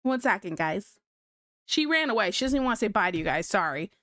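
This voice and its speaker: A woman's voice: medium pitch, very animated, fast, a bit bright, dry recording, studio quality. A woman livestreaming and chatting casually with her viewers, talking in a scattered way and laughing often.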